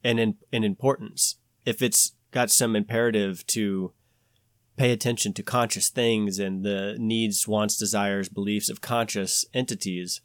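A man hosting a podcast, talking in a rambling, animated way with many restarts. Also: lowish voice, measured pace, no room sound, studio quality. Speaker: podcast host. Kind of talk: casual podcast chat.

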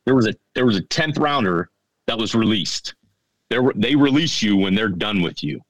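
Deep-voiced man, halting and earnest. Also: lively intonation, no echo, poor audio. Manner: halting, repeats words, earnest. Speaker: podcast guest. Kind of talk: casual storytelling.

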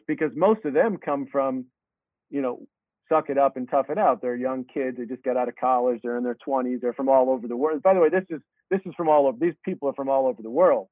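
A man's voice: mid-range voice, no room sound. A middle-aged man, a tennis coach, talking earnestly and reflectively in an interview, with many restarts. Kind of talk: interview answer. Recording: dry tinny phone-like line.

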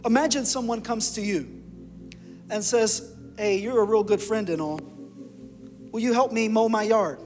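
High-voiced male pastor preaching in a reverberant hall. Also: moderate pace, pauses often. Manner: impassioned preaching, swinging from loud to hushed. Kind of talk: sermon. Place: church sanctuary. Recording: long hall reverb with music behind.

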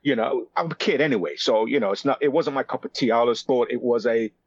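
Husky man in his fifties telling stories. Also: medium pitch, fast talker, dry recording. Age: 50s. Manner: animated, repetitive restarts, lots of "you know". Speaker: podcast guest, actor. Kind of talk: casual storytelling interview. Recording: dry dull lo-fi sound.

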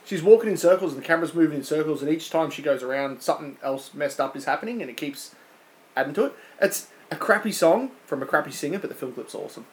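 A man's voice: a little high, expressive, fast, low-quality recording. A man from Australia hosting a quiz in casual chat, joking and teasing while reading out the questions. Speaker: quiz host of a podcast.

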